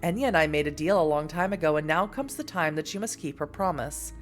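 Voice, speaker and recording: A woman's voice: low-pitched, animated, fast talker, faint music behind. A woman voicing an ancient, disdainful fairy woman who speaks in a formal, haughty way.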